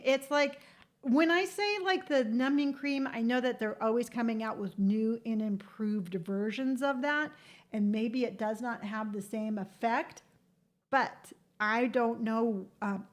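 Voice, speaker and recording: An older woman chatting frankly to camera as a vlogger, giving tattoo advice with quick asides and playful quoted voices. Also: fairly high pitch. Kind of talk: casual chat to camera.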